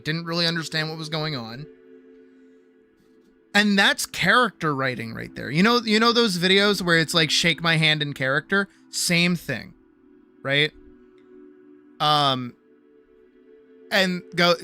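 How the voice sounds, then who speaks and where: A woman's voice: sits low, bright, forceful tone. A woman streaming live, chatting animatedly about character writing, swearing freely and checking in with "right?". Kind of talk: casual livestream chat about character writing.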